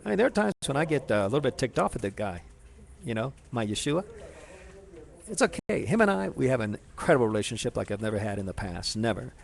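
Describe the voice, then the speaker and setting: A man telling a personal story in a rambling, halting way, full of restarts and fillers, speaking to someone he addresses directly. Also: mid-range voice, sing-song, gravelly.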